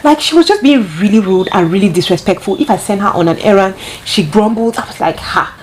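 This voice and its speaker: A woman tells a storytime to her viewers in an animated, chatty way. She keeps turning to them and calling them guys. There is a faint hiss in the background. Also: medium pitch, quick pace. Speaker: vlogger. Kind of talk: casual storytime chat.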